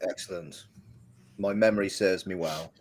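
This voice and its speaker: Dry, teasing low-voiced male player. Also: steady tone, moderate pace, slight background noise. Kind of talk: playing a tabletop game.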